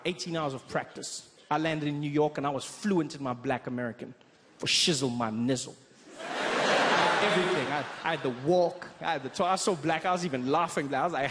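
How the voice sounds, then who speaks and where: A young South African man doing stand-up, telling stories in an animated way and slipping into voices. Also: on the high side, brisk. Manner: animated storytelling, jumps into voices. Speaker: stand-up comedian. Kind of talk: stand-up comedy. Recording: reverberant hall with background noise.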